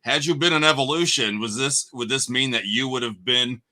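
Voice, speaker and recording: Brief: man host, very bright and forceful tone, playful in a loose chat. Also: medium pitch, normal speed. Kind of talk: casual interview chat.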